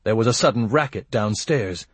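Husky man narrating a story. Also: on the low side, expressive, moderate pace, no room sound. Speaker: audiobook narrator. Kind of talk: scripted narration.

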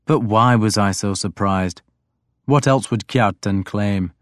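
A man reading a first-person story as audiobook narrator, in a reflective, even manner. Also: lowish voice, slow pace, dry recording, studio quality.

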